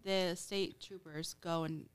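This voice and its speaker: Slow, clear, and resonant, this woman's lowish voice keeps a fairly even intonation as she hosts a relaxed podcast. Her true-crime retelling is chatty, peppered with "like" and quotes she acts out.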